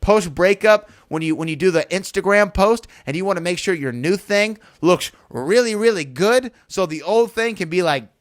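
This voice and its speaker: Animated, teasing male podcast host. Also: fairly high pitch, normal speed. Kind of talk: casual chat.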